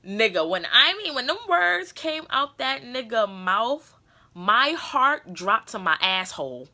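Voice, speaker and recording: A young woman tells a story in a casual vlog, with a bright, forceful voice. She is blunt and profane and acts out the lines of the people in the story. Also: on the high side, slow pace. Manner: blunt, profane and animated, acting out quotes. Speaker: beauty vlogger.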